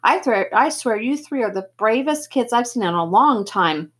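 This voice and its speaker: Woman voicing kind adult man, gentle, reassuring, read-aloud storybook. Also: fairly high pitch, animated, normal speed, husky. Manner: gentle, reassuring, occasional slips. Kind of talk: reading a novel aloud.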